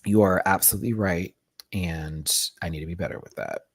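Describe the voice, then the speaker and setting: A man's voice: sits low, lively intonation, fairly quick, gravelly, slightly rough, dry recording, studio quality. A young man hosting a casual livestream, reading out viewer messages with affectionate pet names and laughing often. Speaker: drag race review host.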